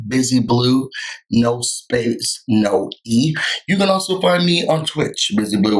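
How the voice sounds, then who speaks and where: A man hosting his own vlog, telling a reality-show recap in a sassy, animated way and acting out what the cast said. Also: mid-range voice, low-quality recording. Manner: sassy, animated storytelling, acting out quoted lines. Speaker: recap vlogger.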